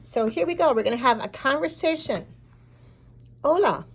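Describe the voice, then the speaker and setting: A woman teaching a recorded beginner language lesson, modeling short phrases slowly and pausing so learners can repeat. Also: sits high, expressive. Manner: slow, deliberate model phrases with pauses for repeating. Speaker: Spanish teacher.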